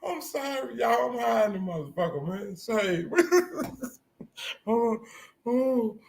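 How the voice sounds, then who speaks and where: A man hosting a live reaction stream, talking loudly and crudely to his viewers in animated banter. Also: very high-pitched, takes it slowly, gravelly. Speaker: livestream host.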